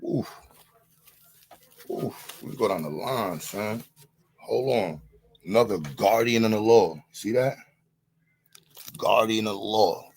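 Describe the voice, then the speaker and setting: A man's voice: lowish voice, slow, gravelly, pauses often. A man on a live-stream panel, boasting and taunting, leaning on the same catchphrases again and again in a heated rant.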